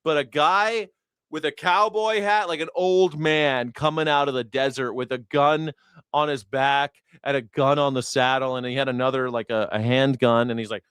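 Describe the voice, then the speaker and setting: A man who grew up in the United States hosts a news reaction show, rambling casually and profanely and laughing often. His medium-pitched voice is steady, moderately paced, fairly bright and clear with a resonant tone, in a dry, clean studio recording.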